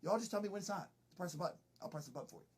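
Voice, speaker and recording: A man's voice: high voice, very fast, husky. A middle-aged man doing an improvised comedy monologue, boastful and rambling.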